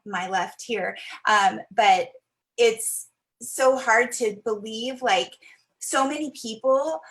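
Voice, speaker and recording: A woman's voice: fairly high pitch, a bit bright. A woman hosting a coaching chat, gushing and effusive, who is easily moved.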